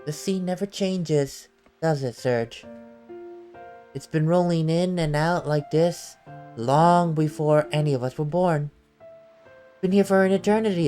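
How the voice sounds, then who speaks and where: A woman voicing a gentle, wistful teenage girl in a video game, reading in a soft, reflective way. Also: low voice, a little slow, long pauses. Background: faint game music.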